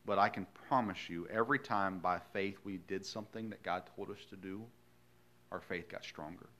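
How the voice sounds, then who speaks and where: A male pastor preaching a sermon in a folksy, earnest storytelling way, swinging from hushed lines to loud emphasis. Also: sits low, normal speed.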